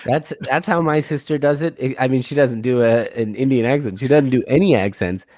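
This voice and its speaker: A man co-hosting a comedy show, bantering in an animated, self-mocking way. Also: medium pitch, fairly quick, no room sound, studio quality. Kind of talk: casual comedic chat.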